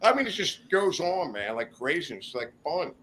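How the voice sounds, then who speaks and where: A man tells a rowdy story as a podcast guest, swearing freely and laughing as he goes. His voice swings up and down with lively energy, and his tone is bright and forceful. A faint hum of noise sits behind him. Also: fairly high pitch, moderate pace. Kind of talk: casual storytelling. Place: studio.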